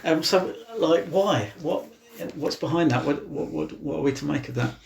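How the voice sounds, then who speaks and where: Gravelly man, reflective. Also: a little high, normal speed. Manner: reflective, with many fillers like "you know" and "kind of". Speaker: co-host of a church Bible podcast. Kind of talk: casual Bible discussion.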